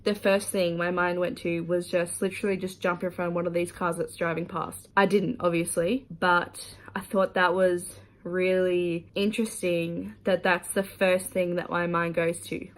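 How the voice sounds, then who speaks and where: Candid woman vlogging, lower voice. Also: low-quality recording. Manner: candid and emotional, swears freely. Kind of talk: casual vlog chat.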